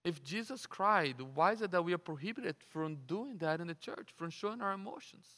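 A man's voice: high voice, expressive, fairly quick, pushed and bright, long reverb tail. A man preaching a sermon. He asks rhetorical questions and often repeats his words.

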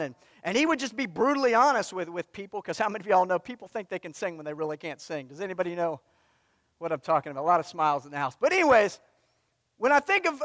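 High-voiced pastor preaching in a hall. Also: male voice, fairly bright tone, clean studio sound. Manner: emphatic, repeating a refrain. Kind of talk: sermon. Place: church sanctuary.

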